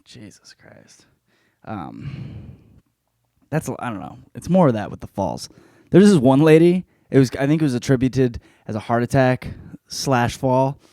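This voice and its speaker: A man hosting a podcast, giving a casual, profane, joking book report, often jumping into loud high-pitched bits. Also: sing-song, normal speed, no room sound, clean studio sound. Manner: profane, jokey, lots of swearing and laughing. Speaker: podcast host.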